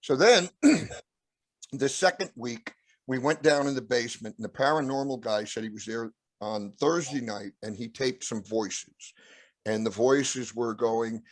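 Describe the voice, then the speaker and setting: Rambling guest telling ghost stories. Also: male voice, measured pace, dry recording. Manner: rambling, acts out quotes with raised pitch; clears throat often. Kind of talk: casual storytelling.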